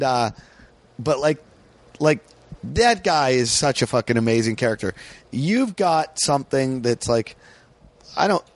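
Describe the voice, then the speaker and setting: A man's voice: medium pitch, no echo. An American man, a comedian, telling stories in a casual podcast chat and swearing freely.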